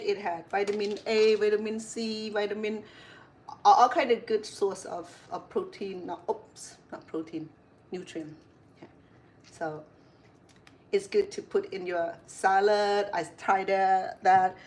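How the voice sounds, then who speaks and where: A middle-aged woman chef talks her way through a home cooking demo in a loose, rambling way. She drifts into side stories and stops to fix her own words. Her pitch sits in the ordinary middle range, with a faint hiss behind her. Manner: chatty, rambling, corrects herself mid-sentence. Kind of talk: casual cooking demonstration.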